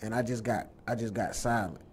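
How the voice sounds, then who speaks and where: A man appearing as a guest, telling stories from his acting work in a relaxed, slangy, conversational way. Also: on the low side, a little fast, slightly rough. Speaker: guest actor. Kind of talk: casual chat.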